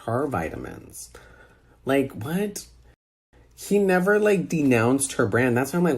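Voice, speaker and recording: A man ranting in disbelief on a phone video call, animated and exasperated. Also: medium pitch, unhurried, vocal fry, long pauses, breathy edge. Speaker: social media personality. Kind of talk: casual rant on a video call.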